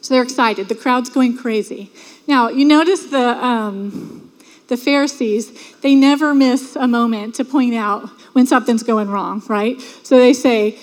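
High-voiced woman preaching in a reverberant hall. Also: darkish tone. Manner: earnest, conversational preaching with acted-out crowd quotes. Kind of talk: sermon. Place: church sanctuary.

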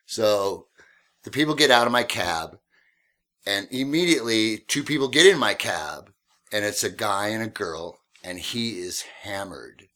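A man's voice: lowish voice, measured pace. A man telling a casual story about his days driving a cab, laughing often and acting out the people in it. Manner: animated, laughs often, acts out quoted voices. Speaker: podcast guest telling cab stories.

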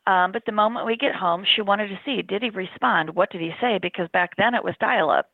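A woman's voice: mid-range voice, fairly quick, no echo. A middle-aged woman telling a personal story as an interview guest, in an earnest, plain-spoken way. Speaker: interview guest, bereaved mother. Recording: dry, phone-like narrow sound.

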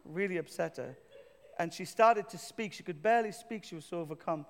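A man with a notably high voice preaches a sermon, mixing wry self-deprecating storytelling with emphatic declarations. His voice rings out with a long reverb through the church hall. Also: quick pace, fairly bright tone. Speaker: pastor.

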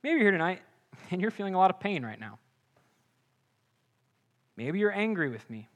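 High-voiced young man preaching earnestly. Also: very animated, normal speed. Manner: earnest, direct, shifts between loud punchy lines and quiet confiding ones. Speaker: campus ministry preacher. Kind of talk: sermon.

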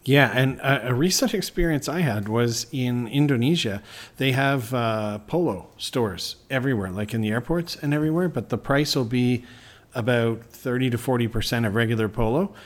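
A man's voice: mid-range voice, normal speed. A man co-hosting a podcast, chatting casually and giving direct practical travel tips. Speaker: podcast co-host.

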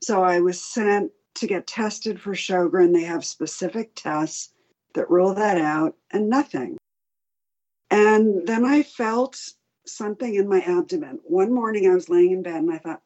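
A middle-aged woman who works as a patient advocate tells her own story candidly during an interview, her fairly low, husky voice coming through on dull audio. She retells events with animation, acting out the doctors' lines in quoted dialogue.

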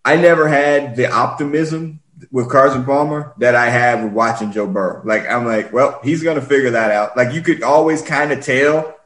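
Rambling, animated football podcast host. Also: male voice, medium pitch, normal speed, hardly any pauses, low-quality recording. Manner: rambling, animated, acts out quoted players. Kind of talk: casual sports chat.

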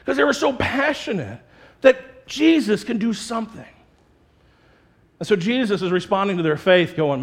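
A male pastor delivers a sermon in a lively, conversational way, swinging into playful quoted voices as he makes his point. His voice sits high for a man. He sounds like a young adult. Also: normal speed. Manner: animated, conversational preaching with playful put-on quotes.

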